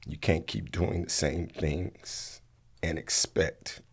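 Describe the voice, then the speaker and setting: A man in his forties from Atlanta speaks in a very low, deep voice. He tells his story loosely and candidly in a casual interview, emotional and close to tears. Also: fairly even intonation, slow, gravelly, breathy edge. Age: 40s. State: tearful, emotional. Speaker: interview guest, actor.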